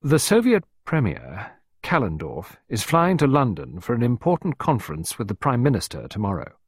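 Man playing a pompous secretive official husband, grave and solemn, husky, animated. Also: mid-range voice, moderate pace, dry recording, studio quality, voice pushed up. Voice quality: grave, solemn, self-important.

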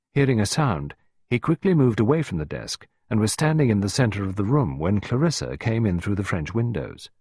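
A man giving an expressive scripted storybook narration as an audiobook narrator. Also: fairly low pitch, husky, no echo, clean studio sound.

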